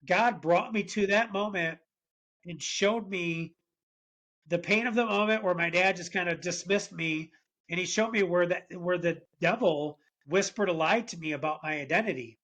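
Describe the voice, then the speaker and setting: Male podcast guest with a high voice, earnest and animated, sharing a faith story. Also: moderate pace. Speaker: podcast guest, business founder. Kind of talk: conversational storytelling interview.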